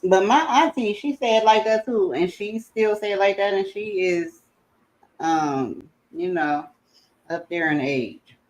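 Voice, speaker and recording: A woman's voice: mid-range voice, measured pace, darkish tone. A woman co-hosting a casual live chat, laughing often at herself. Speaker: livestream co-host.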